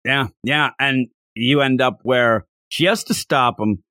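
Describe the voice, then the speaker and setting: A man co-hosting a podcast, excitedly retelling a manga chapter in casual chat, rambling with many restarts. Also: mid-range voice, measured pace, no echo, clean studio sound. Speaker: podcast co-host. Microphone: podcast microphone.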